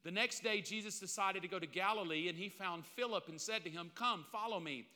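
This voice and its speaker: A man's voice: high-pitched, brisk, sharp tone. A man preaching a sermon, emphatic and repetitive, with casual slang mixed in. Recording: long reverb of a large hall.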